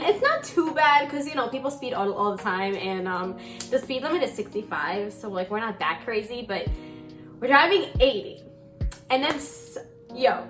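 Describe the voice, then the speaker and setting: A young woman in her twenties tells a story straight to camera, her voice sitting a touch high. She rambles in an animated way and swears freely. Faint music plays quietly underneath her. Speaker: vlogger. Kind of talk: casual storytime chat.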